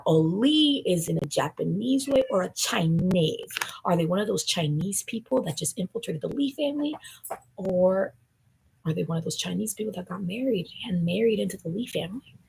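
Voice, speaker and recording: A woman rambling through a conspiratorial stream commentary, her talk swinging between hushed asides and loud outbursts. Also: fairly low pitch, slight background noise, low-quality recording. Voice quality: gravelly, raspy.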